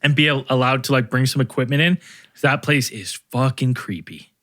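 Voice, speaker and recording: A man at an ordinary middle pitch tells a trip story for a podcast. He rambles, swears and restarts his sentences. The sound is dry and close, with no room echo. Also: normal speed, a bit bright. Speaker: podcast co-host. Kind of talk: casual storytelling chat.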